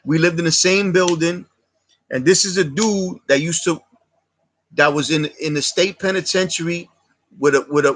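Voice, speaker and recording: A man tells a long personal story to his viewers, looping back over details and dropping slang as he goes. His voice sits a bit high for a man and sounds bright and forward. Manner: street slang, repetitive and heartfelt. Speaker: channel host. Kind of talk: casual livestream storytelling.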